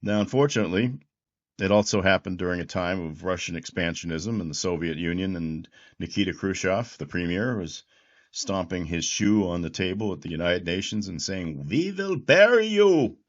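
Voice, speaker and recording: Hosting a reflective political monologue, a deep-voiced man in his sixties talks a little fast and keeps circling back to history. He rambles, restarting and repeating words, and the audio sounds dull.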